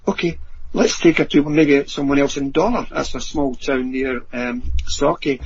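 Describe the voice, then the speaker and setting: A Scottish man, a paranormal researcher and author, telling anecdotes in an animated way on a podcast. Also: medium pitch, normal speed, husky. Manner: animated anecdotes acting out quoted voices. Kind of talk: storytelling in a podcast interview. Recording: dull lo-fi audio.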